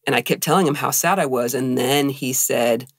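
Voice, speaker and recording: A woman's voice: very deep voice, normal speed, dry recording, clean studio sound. A woman co-hosting a podcast, telling an emotional personal story with lots of quoted dialogue. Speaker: podcast co-host.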